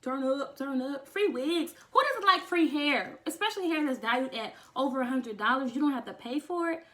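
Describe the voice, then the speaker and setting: A young woman vlogging, talking casually and sassily to her viewers, calling them honey and getting excited almost to tears. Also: high voice, fairly quick. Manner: sassy and chatty, says honey a lot; emotional, close to tears with excitement. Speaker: beauty vlogger. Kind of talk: casual chat to camera.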